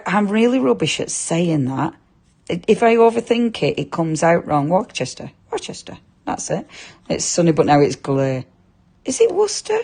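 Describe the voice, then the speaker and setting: A woman's voice: fairly low pitch, gravelly, darkish tone. A chatty woman with a Lancashire accent, presenting a live craft demo and chatting with viewers, full of tag questions. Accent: Lancashire English. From Lancashire, England.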